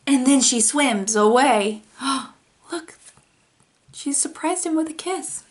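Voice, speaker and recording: A young woman who teaches toddlers, reading a picture book aloud and gently explaining feeling words. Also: sits high, animated, slow pace.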